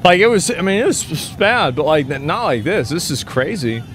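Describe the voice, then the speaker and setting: A man's voice: fairly high pitch, animated, normal speed, a bit bright, faint music behind. A man in his thirties from the United States, reacting to videos in blunt, profane casual commentary full of restarts and asides.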